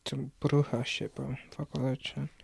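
A man's voice: medium pitch, level tone, normal speed, creaky, darkish tone, slightly rough, no room sound. A young man hosting a podcast, reacting with laid-back, profane banter in casual chat. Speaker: podcast host.

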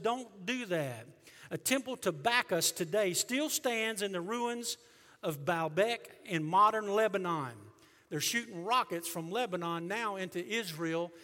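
A middle-aged male pastor preaching a sermon, emphatic, surging loud and then dropping low. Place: church sanctuary. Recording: long reverb of a church hall.

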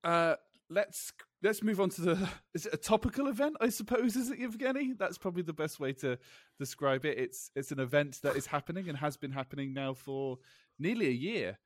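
A man's voice: a little high, expressive, a little fast, dry recording, studio quality. A British man hosting a casual podcast chat, rambling with frequent restarts and laughing at his own stories. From Britain. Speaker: podcast host.

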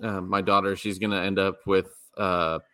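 A man chats about football on a podcast, stopping and restarting his sentences often. His voice sits fairly low, yet it has a bright edge. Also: level tone. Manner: halting, restarts a lot. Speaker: podcast co-host. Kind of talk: casual sports podcast chat.

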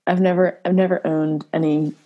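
A woman's voice: low voice, little pitch movement, normal speed, lo-fi sound. A young woman co-hosting a podcast, chatting casually, teasing and laughing a lot. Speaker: podcast co-host. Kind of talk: casual chat.

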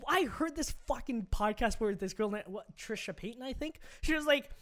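A man's voice: very high-pitched, animated, brisk, crowd noise. A man co-hosting a casual podcast, arguing his opinions emphatically and swearing freely. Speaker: podcast co-host.

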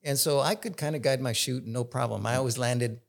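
A man's voice: mid-range voice, fairly quick, creaky. A man chatting as a podcast guest, telling self-deprecating army anecdotes. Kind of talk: casual storytelling.

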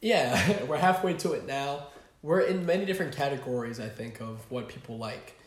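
A young man co-hosting a casual comedy podcast, hoarse from losing his voice, with laid-back joking reactions. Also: mid-range voice, lively intonation, moderate pace, roomy sound. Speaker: podcast co-host.

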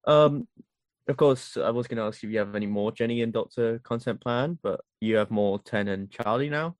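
A man hosting a casual podcast interview, calm, with many murmured agreements. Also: mid-range voice, moderate pace, no echo, studio quality. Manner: calm, lots of murmured mm and hmm. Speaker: podcast host.

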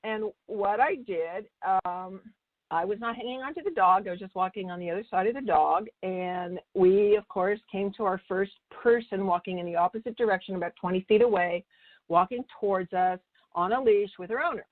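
A woman animal communicator teaches through anecdotes in a chatty way, her medium-pitched voice at a moderate pace with no echo. She often restarts her sentences and acts out what people said, and the sound is dry and tinny like a phone.

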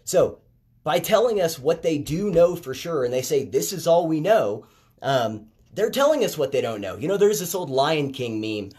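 A man hosting a casual commentary podcast, talking conversationally and getting animated when he makes a point. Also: on the high side, normal speed. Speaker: podcast host. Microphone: headphones with phone recording.

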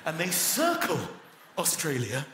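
A man performing a stand-up comedy routine, acting out voices and shouting punchlines. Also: a little high, huge pitch swings, a little slow. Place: live comedy venue with audience. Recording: roomy live venue with loud crowd noise. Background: audience laughter.

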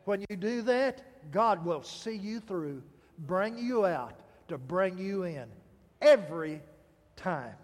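A man preaching a sermon, telling a personal story with emphatic pauses and dramatic phrasing. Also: high voice, animated, long reverb tail. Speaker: pastor.

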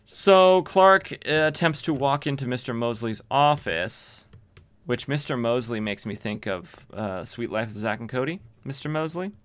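Male podcast host, bright tone, casual comic recap full of wry asides. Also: mid-range voice, expressive, a little slow, smooth. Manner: rambling, joking asides, many fillers.

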